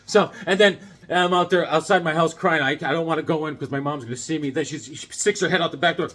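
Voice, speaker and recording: This middle-aged man talks fast in a somewhat bright voice on the high side, showing off comics in a casual vlog. He drifts into a childhood story between them, with lots of fillers and restarts.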